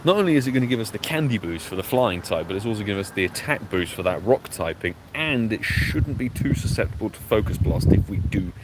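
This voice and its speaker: A man's voice: fairly low pitch, lively intonation, quick pace, hardly any pauses. Guy live streaming outside, kinda breathless, chatty, says hi to everyone, traffic going by. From United Kingdom. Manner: chatty, greeting viewers by name. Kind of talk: casual live stream chat. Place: outdoors by a road. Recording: clear outdoor traffic noise.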